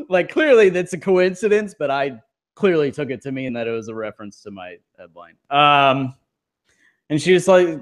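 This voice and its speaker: A man's voice: on the high side, lively intonation, moderate pace. Rambling casual man, heavy on fillers. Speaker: podcast co-host. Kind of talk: casual chat.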